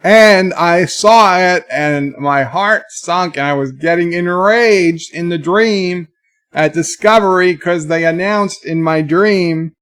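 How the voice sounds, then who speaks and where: Rambling animated male livestream host. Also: high voice, takes it slowly, clean tone. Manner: rambling, animated storytelling, reads chat aloud. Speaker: live stream host. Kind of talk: casual livestream chat.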